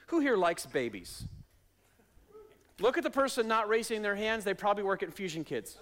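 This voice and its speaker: A male pastor preaching a sermon in a church, using repeated questions and refrains and swinging between soft and loud delivery. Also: high-pitched, very animated, moderate pace. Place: church sanctuary.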